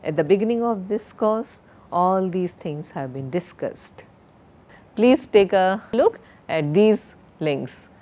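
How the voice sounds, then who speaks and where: Slow, deliberate woman lecturer. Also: lowish voice, lively intonation, dark tone. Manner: slow, deliberate, drills word pronunciations. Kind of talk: recorded classroom lecture.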